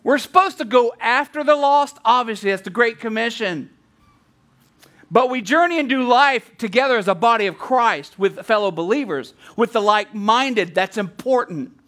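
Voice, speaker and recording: A man's voice: very high voice, expressive, normal speed, fairly bright tone. A male pastor preaching a sermon in a conversational way, with asides and frequent restarts.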